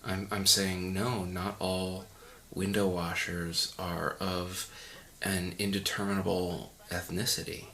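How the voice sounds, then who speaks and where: A man's voice: low voice, little pitch movement, slow, hardly any pauses, bright, forceful tone. A man giving a mock audio commentary in a pompous, condescending, rambling way. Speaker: commentary host.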